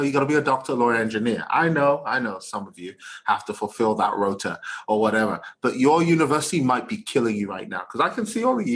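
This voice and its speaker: A man's voice: mid-range voice, a bit bright. A middle-aged man giving an emphatic, repetitive motivational talk to students, speaking as a motivational speaker.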